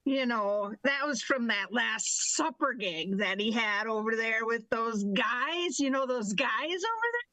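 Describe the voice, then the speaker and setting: A woman's voice: on the high side, animated, measured pace, few pauses, pushed and bright, dry recording, rough recording. A woman performing in an improvised comedy scene, talking in a bossy, matter-of-fact way.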